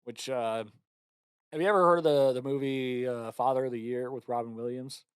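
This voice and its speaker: A man's voice: steady tone, normal speed, smooth, dry recording. Male podcast co-host, raunchy storyteller who yelps out quoted lines; dry studio sound. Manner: crude storytelling, acts out quotes in high yelps. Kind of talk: casual comedic chat.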